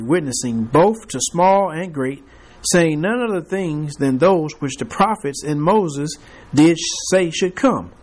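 A man's voice: fairly high pitch, a little mellow. A man teaching a Bible class, reading scripture aloud and prompting the class to fill in the words, with chuckling asides.

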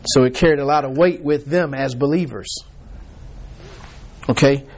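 A man's voice: mid-range voice, normal speed, a little mellow. A man leading an informal Bible study, talking conversationally with frequent restarts and acting out people's reactions.

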